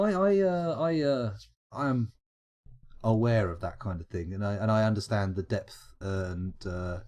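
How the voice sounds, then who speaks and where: A man's voice: deep voice, a little mellow. A British man streaming late at night, chatting casually and answering his viewers' comments, rambling and swearing with lots of restarts. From United Kingdom. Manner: rambling, sweary and jokey, with frequent restarts and laughs. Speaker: live streamer.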